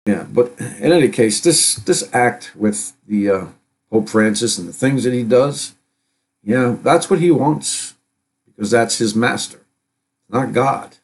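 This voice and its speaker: A man's voice: mid-range voice, animated. Rambling middle-aged man reading news. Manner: rambling, halting, many fillers and restarts. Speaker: host of a live news commentary stream. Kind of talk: casual commentary reading news.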